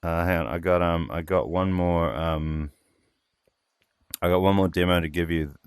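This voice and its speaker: Brief: male developer, casual meeting talk, hesitant and full of fillers, smooth low voice, dry close sound. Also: steady tone, dry recording. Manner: hesitant, pauses a lot, many fillers. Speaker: developer demoing a voice API.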